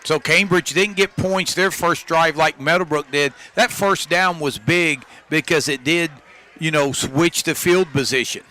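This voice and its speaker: A man giving color commentary on a high school football game, analyzing plays and agreeing with his partner. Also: a little slow, bright, forceful tone. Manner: analytical, agreeing with the play caller.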